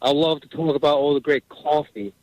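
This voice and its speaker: A man's voice: a little high, little pitch movement, fairly quick, darkish tone, dry recording, poor audio. A man with a New York accent calling in to a sports radio show, chatting in a rambling way. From US East Coast. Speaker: caller. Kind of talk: call-in radio chat.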